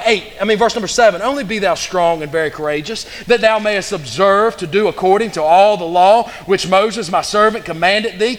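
High-voiced fervent preacher in a reverberant hall. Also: male voice. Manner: fervent, repetitive, building to loud bursts. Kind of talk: sermon.

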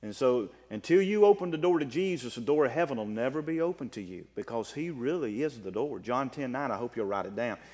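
A man preaching a sermon as pastor, animated, with a rising and falling delivery. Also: medium pitch, brisk, hardly any pauses. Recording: long reverb of a large hall.

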